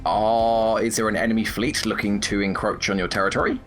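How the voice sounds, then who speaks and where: A man's voice: fairly low pitch, steady tone, a little fast, a bit bright, soft background music. A man trading dry, teasing banter during a co-op game on a voice call. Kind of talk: casual co-op gaming chat.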